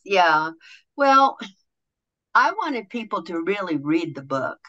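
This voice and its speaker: A woman guest on a podcast, a motivational speaker and author, telling stories in an animated way and acting out quoted voices. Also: fairly low pitch, slow pace, lo-fi sound. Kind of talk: conversational podcast interview.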